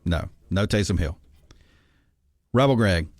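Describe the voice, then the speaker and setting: A male sports radio host with a low voice. He chats through his picks and reads listener texts aloud, sure of his opinions. The sound is dry and close. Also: animated, measured pace, no room sound. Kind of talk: sports talk radio chat.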